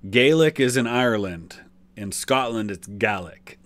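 A man with a fairly low voice talks loosely through a reaction video, explaining as he goes. He stops and restarts often and fills pauses with little hesitations. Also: steady tone. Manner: chatty, filler-heavy, explanatory. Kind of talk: casual commentary.

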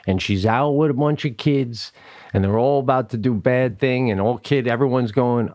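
A man co-hosting a podcast, joining in with quick, excitable banter in casual chat. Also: medium pitch. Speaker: podcast co-host.

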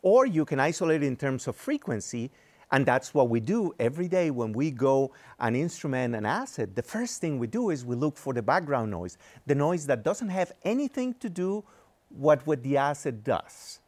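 A man answering interview questions as an engineering executive. He explains technical ideas step by step and often pauses on "uh" and "um". His delivery is measured and patient. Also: mid-range voice, very animated, a little mellow. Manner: patient explaining, frequent fillers.

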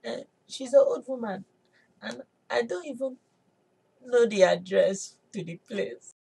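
A woman with a Nigerian English accent and a husky voice playing a wife who sweet-talks and pleads with her husband in a comedy sketch. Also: a little high, warm tone, heavily acted. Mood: defensive. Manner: coaxing and pleading, quick to excuse herself. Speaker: comedy skit character. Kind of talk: comic sketch acting.

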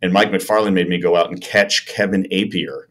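A middle-aged man with a very low voice tells stories in a relaxed podcast interview. He acts out the other people in his stories and jumps between narration and dialogue. He is from the Chicago area. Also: normal speed. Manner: animated storyteller acting out quoted dialogue. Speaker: podcast guest, former baseball player. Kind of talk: casual storytelling in a podcast interview.

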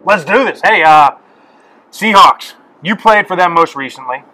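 A man co-hosts a casual sports podcast and introduces his guest with real excitement. His voice sits a little high and sounds bright and forward. He asks long, chatty questions. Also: a little slow, rough recording. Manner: hyped, calls guest "brother". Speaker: podcast co-host.

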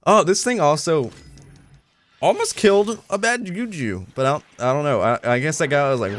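Excitable young man gaming commentary. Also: on the high side, normal speed. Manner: excitable, makes gun sound effects, jokey. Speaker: gaming YouTuber. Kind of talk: live gameplay commentary.

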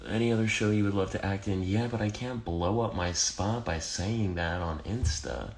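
A man's voice: on the low side, normal speed, darkish tone. A man with an American accent, reading fan comments aloud on a phone livestream and answering them in a wry, teasing way. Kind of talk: casual livestream Q&A.

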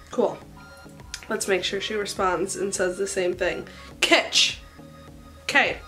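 A woman's voice: mid-range voice, animated, slow pace, long pauses, pushed and bright, soft background music. A woman in her twenties, a hairstylist chatting casually in a bubbly, self-mocking way for a vlog. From Central Illinois. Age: 20s.

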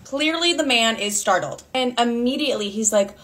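A young woman with a slightly high voice recounts a personal storytime. She talks in a chatty, unfiltered way, swearing freely and filling her sentences with "like". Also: expressive, normal speed, a bit bright. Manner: chatty, candid and profane, heavy use of "like". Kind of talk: casual storytime.

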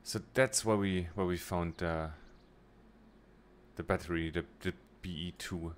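A young man with a low, fairly even voice streams a train game at a measured pace. He mutters to himself as he plans his jobs, restarting briefly here and there in a casual let's-play style.

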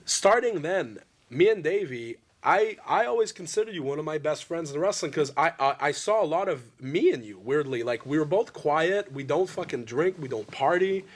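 A man's voice: fairly high pitch, animated, normal speed, hardly any pauses. A man interviewing a friend, telling long rambling stories bluntly and swearing freely. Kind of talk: candid interview conversation.

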